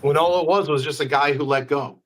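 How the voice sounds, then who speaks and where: Lively male magician host. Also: on the high side, a little hiss or hum. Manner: animated storyteller, quick asides. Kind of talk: casual live-stream interview.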